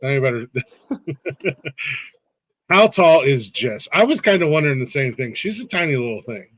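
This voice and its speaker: A man's voice: a little high, sing-song, normal speed, fairly bright tone, dry recording. Laid-back male podcast host, dry sound. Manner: laid-back, laughs often, frequent restarts and fillers. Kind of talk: casual live-stream interview.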